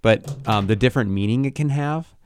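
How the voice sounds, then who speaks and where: A man co-hosting a podcast, talking through a Bible passage in a thoughtful, halting way with frequent restarts. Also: medium pitch, a little mellow, clean tone, no echo, clean studio sound. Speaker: podcast co-host. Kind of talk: casual Bible discussion.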